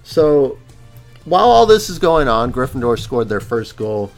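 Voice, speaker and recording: A man's voice: mid-range voice, big pitch swings, measured pace, soft background music. A man co-hosting a podcast, chatting casually about a book, joking and talking in loose, restarting sentences. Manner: rambling, many fillers and restarts, jokey. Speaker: podcast co-host.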